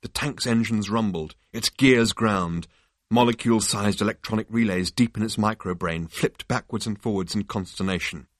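A man narrating a book chapter in a measured, dryly expressive reading voice. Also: on the low side, dry recording, clean studio sound. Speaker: audiobook narrator. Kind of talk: scripted narration.

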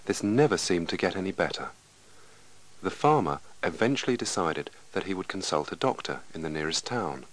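A man with a low, deep voice reads a language lesson slowly and clearly, with a lively, expressive rise and fall. His reading is deliberate and carefully paced for learners. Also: rough recording. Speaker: lesson reader. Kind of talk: scripted lesson narration.

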